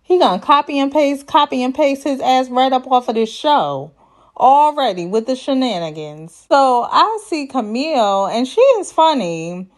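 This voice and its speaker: Her voice is high and animated, moving at a moderate pace as she hosts an informal reality TV recap. Full of sass and chatter, she laughs at her own jokes and impersonates cast members with put-on voices.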